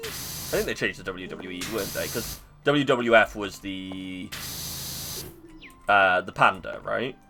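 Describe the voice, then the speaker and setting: A man's voice: low voice, unhurried, pauses often, bright, forceful tone, a little hiss or hum, low-quality recording. A man streaming a game, chatting casually in a rambling, self-mocking way. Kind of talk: casual chat while gaming.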